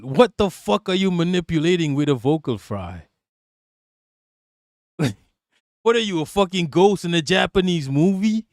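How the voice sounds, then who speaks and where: A man's voice: high-pitched, animated, moderate pace, darkish tone, no echo. Profane mocking male streamer, dry mic. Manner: profane, mocking, laughs often. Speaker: live stream host. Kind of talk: casual reaction rant.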